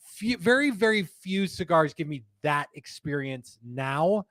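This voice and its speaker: A man's voice: on the high side, expressive, a little slow, fairly bright tone, dry recording. A man hosting a casual livestream chat, talking in a chatty, joking, rambling way. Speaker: livestream host.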